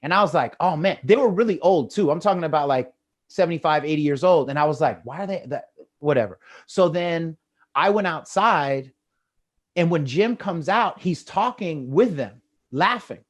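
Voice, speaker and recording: A man with an American accent telling lively stories in casual chat over a video call, acting out the quotes with a rising voice. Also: a little high, normal speed. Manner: animated, acts out quotes with rising voice. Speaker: guest storyteller.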